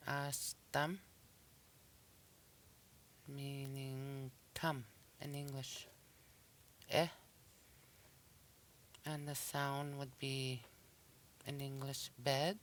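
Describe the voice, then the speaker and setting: This is a language teacher working through a recorded pronunciation lesson, saying each sample word and then repeating it. The delivery is extremely slow and the pitch stays flat and level. A faint hiss sits under the voice.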